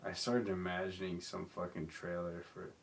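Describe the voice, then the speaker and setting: Drunk, sleepy young man with a deep voice. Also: flat delivery, moderate pace, creaky, a little hiss or hum. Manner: slurred, apologetic, rambling. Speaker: podcast host. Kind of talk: rambling solo podcast monologue.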